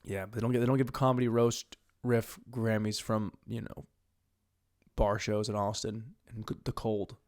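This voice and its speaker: Rambling comedian talking to himself. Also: male voice, fairly low pitch, little pitch movement, normal speed. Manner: rambling, self-mocking, crude jokes; swings from mumbled asides to loud bursts. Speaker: podcast host. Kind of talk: solo comedy monologue.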